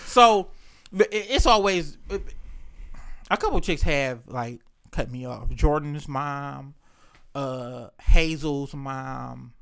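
A man's voice: medium pitch, slow pace, creaky, a bit bright, clean tone. A middle-aged man, a podcast co-host, telling profane stories in casual chat and acting out other people's voices. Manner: profane, storytelling, acts out voices, laughs often.

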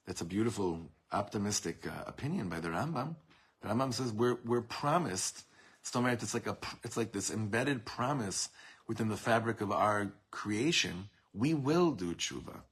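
A man's voice: fairly low pitch, animated, moderate pace, husky. A man teaching a Torah class to a room of students, talking it through with many restarts and quoting Hebrew texts. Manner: warm, searching delivery with many restarts and Hebrew quotes.

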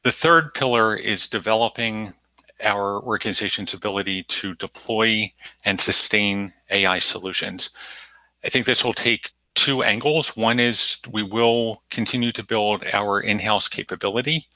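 Low-voiced man giving methodical interview answers. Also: pushed and bright, dry recording, rough recording. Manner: measured, methodical, lays points out in numbered pillars. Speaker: guest, technology lead at an aid organization.

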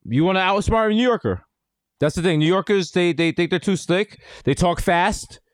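A man with a high-pitched voice riffs through casual comedic podcast banter. He acts out voices as he goes, and the recording is dry and close. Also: lively intonation, normal speed, no echo. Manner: riffing, acting out voices. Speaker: podcast co-host.

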